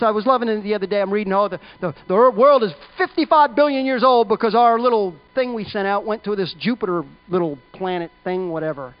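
A man's voice: high voice, fast talker, few pauses. A man preaching a sermon in an emphatic, conversational way. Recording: dull lo-fi recording.

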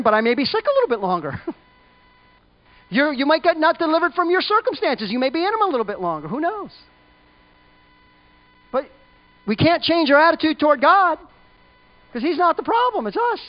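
A man with a very high voice preaching a sermon, emphatic yet conversational as he drives each point home. The recording is dull and lo-fi, muffling his voice.

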